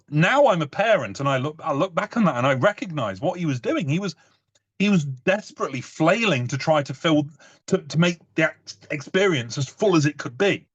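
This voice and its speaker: A man's voice: on the high side, dull audio. A British man in his thirties giving a casual talk, telling personal stories in a chatty way with many restarts. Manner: chatty, frequent "you know", stumbling restarts.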